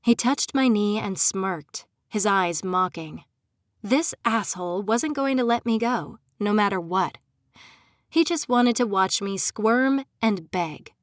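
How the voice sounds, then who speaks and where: Emotive woman narrating a dark audiobook. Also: mid-range voice, takes it slowly, no room sound, studio quality. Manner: emotive, pleading and desperate in dialogue. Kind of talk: first-person audiobook narration.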